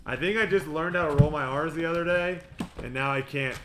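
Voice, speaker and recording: A man hosting a livestream card break, rattling off player names with quick joking asides. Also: a little high, background noise. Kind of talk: livestream card-opening patter. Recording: echoey room with music behind.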